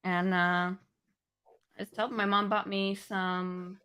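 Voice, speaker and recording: A woman's voice: mid-range voice, little pitch movement, slow pace, sharp tone, clean tone. Woman, live podcast co-host, casual, greets the chat, scattered. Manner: greets viewers, loose and scattered.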